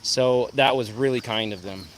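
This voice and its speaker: A man's voice: mid-range voice, normal speed, a little hiss or hum. A man hosting a casual livestream outdoors, chatting to viewers and cooing at his dog in a lighter sing-song voice. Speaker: livestream host. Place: outdoors in the shade by a pool. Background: faint outdoor sounds and geese.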